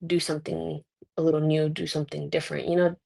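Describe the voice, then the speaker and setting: A young woman talking in a casual interview, her voice sitting low with a gravelly fry. She tells lively stories, puts on voices for the people she quotes, and laughs often. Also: quick pace. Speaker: guest wrestler. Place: Mexico.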